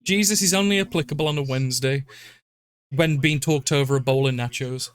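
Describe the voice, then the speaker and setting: A man's voice: mid-range voice, fairly quick, clean tone. A man hosting a game stream, rambling casually, swearing and laughing often. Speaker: streamer and host.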